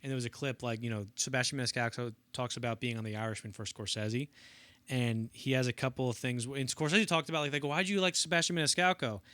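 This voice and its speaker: A man's voice: medium pitch, fairly even intonation, quick pace, a bit bright, smooth, dry recording. A young man co-hosting a casual film podcast, rambling through anecdotes and acting out quotes in bursts. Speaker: podcast co-host.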